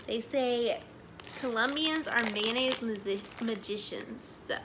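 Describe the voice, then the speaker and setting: A young woman, chatting excitedly as she reviews snacks, saying "y'all" a lot. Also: on the high side, slow, very noisy. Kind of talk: casual chat.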